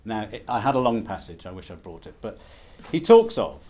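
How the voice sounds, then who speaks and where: Speaking fast in a lowish voice, this male academic delivers a conference talk with a wry, conversational, self-deprecating style.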